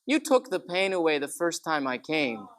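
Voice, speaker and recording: A man's voice: on the high side, big pitch swings, moderate pace, fairly bright tone. A man doing an earnest little boy. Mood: tender. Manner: earnest, tender. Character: gentle ten-year-old boy, earnest and loving.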